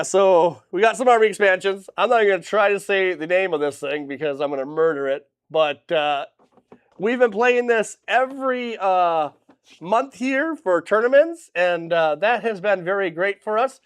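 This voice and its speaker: A man's voice: sits high, expressive, normal speed, clean tone, no echo. A man hosting a live stream from his small hobby shop, running through new products in a casual, hype-filled way with goofy jokes on the side. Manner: upbeat and hype-driven, with goofy joking asides. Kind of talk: casual livestream product rundown. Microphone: camera mic, facing a monitor.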